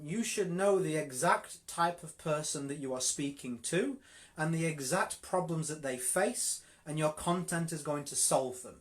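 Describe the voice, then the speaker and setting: A man's voice: a little high, a bit bright. A man with a Yorkshire accent giving a live-streamed network marketing coaching talk, direct and emphatic, often repeating words for stress. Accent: Yorkshire English.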